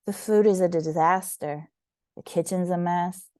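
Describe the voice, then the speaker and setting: A woman's voice: lowish voice, steady tone, a little slow, a little mellow, dry recording, clean studio sound, lightly acted. A woman doing an eager little girl. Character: young girl, eager and determined. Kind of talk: storybook reading.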